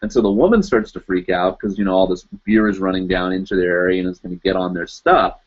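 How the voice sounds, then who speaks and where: A man's voice: sits low, steady tone, fast. A man hosting a live chat show, telling a long story casually and filling it with "you know" and "like". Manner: rambling, loaded with "you know" and "like". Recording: dull lo-fi livestream audio.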